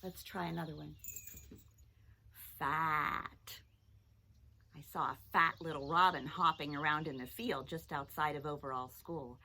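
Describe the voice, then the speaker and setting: Woman teacher, children's phonics lesson, unhurried sing-song delivery, bright clear tone, faint birdsong behind. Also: low voice, fairly even intonation, slight background noise. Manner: slow, sing-song, encouraging teacher talk.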